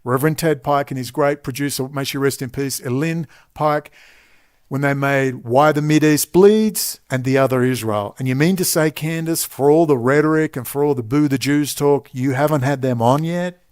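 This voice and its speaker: An Australian man delivering a combative, sarcastic ranting monologue to camera, talking loudly. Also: mid-range voice, normal speed, clear, resonant tone. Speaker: online commentator.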